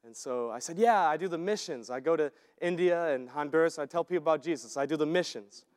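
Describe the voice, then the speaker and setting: A man's voice: on the high side, quick pace. A man giving an earnest storytelling testimony about a mission trip, often restarting and repeating his words. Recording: long reverb of a large hall.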